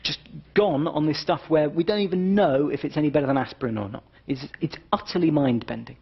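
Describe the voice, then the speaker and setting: A British man in his forties, a doctor giving a public lecture in a wry, animated way, often checking in with "right?". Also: fairly high pitch, a little fast, creaky, slightly rough, lo-fi sound. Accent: British English. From Britain. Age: 40s.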